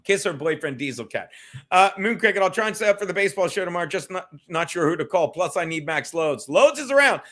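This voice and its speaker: A man hosts a loose solo livestream from home, swearing freely and chatting straight to his viewers. His voice sits high for a man. It has a bright edge. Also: expressive, quick pace. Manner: loose, profane, rambling, talks to chat. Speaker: livestream host. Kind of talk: casual solo livestream chat. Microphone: streaming setup.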